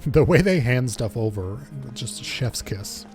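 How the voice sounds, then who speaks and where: A streamer commenting casually on his game, tossing out crude jokes and offhand remarks. His voice is mellow and warm at a middle pitch, with faint game music underneath. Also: lively intonation, a little slow. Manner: crude, joking asides.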